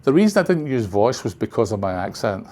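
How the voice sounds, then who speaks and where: This older man's voice is lowish and mellow, swinging widely in pitch as he talks a little fast. He's presenting casually to trainers in a training room, chatty and prone to digressions.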